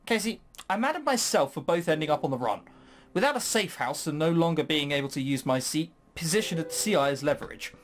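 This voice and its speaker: A guarded young man speaks low and clipped, reproachful and tense. A game player voices him while reading a visual novel aloud. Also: expressive, brisk, close to an everyday voice. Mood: stern.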